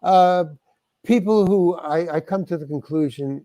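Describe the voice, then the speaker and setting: Rambling older man, higher voice. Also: measured pace, darkish tone, no echo. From New York. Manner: rambling, frequent restarts, acts out other people's lines. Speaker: guest actor. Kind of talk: casual interview storytelling.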